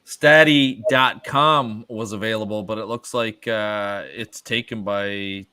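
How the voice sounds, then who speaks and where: A man's voice: on the low side, fairly even intonation, slow pace, bright, forceful tone, clear, resonant tone, no room sound. A man hosting a podcast interview, asking curious, encouraging questions in a casual chat. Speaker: podcast host.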